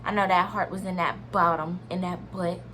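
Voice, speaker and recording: With a fairly low, steady, sharp-toned voice at a moderate pace, a young vlogger recounts a personal story to her viewers, calling them "y'all." Her telling is casual and rambling, full of "like" and restarted sentences, against slight background noise.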